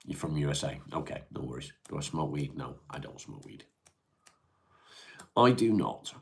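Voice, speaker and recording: A man's voice: extremely low pitch, very animated, normal speed, vocal fry, darkish tone. A man, casually chatting on a livestream, reading and answering viewer comments in a laid-back way, sighing and humming to himself between them. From North West England. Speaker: livestream host. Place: at home.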